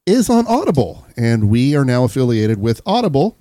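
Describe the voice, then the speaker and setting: Lively male host, animated pitch, dry close sound, reads ad. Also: normal speed, no echo. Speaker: podcast host. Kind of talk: casual podcast chat.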